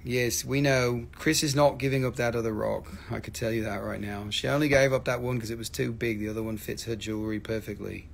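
A middle-aged man hosting a live-stream sale of rocks and minerals, talking in an excitable, hyping way and swearing freely. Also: medium pitch, a little fast, vocal fry, hardly any pauses. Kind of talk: live-stream sales chat.

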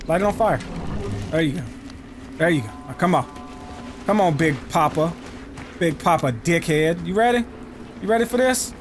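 A young man doing let's play commentary, excitable and profane, trash-talking the enemies in his game. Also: a little high, unhurried, pauses often, over music. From United States. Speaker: gaming YouTuber.

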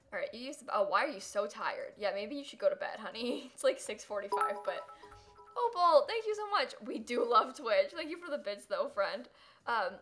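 A young woman livestreaming a game, her voice pitched a bit high and swooping all over as she coos and giggles. She talks casually to her viewers, gushing over everything on screen. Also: big pitch swings, normal speed, pauses often, a bit bright, soft background music. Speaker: streamer. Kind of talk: casual livestream gameplay chat.

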